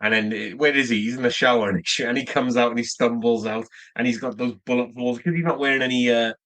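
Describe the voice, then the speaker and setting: A man co-hosting a film podcast, speaking in casual chat with hesitant pauses. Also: medium pitch, steady tone, a bit bright. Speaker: podcast co-host.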